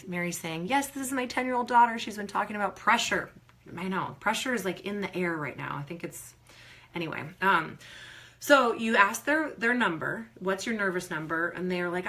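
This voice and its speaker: A woman performance coach talking casually on a live Q&A, giving advice and acting out nervous athletes in quick quoted voices. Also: mid-range voice. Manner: animated, acts out quoted athletes.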